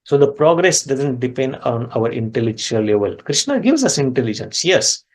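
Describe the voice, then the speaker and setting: A man teaching a scripture class, retelling a devotional story and explaining Sanskrit words step by step, his voice jumping up in pitch at key moments. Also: normal speed. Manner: animated storyteller with sudden pitch rises. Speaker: spiritual teacher.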